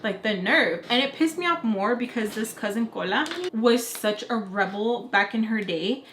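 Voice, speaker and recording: A young vlogger from Utah with an American accent relates a personal story time at a moderate pace and fairly high pitch. She's casual and animated, impersonating family members' voices, and the recording carries echo and faint noise.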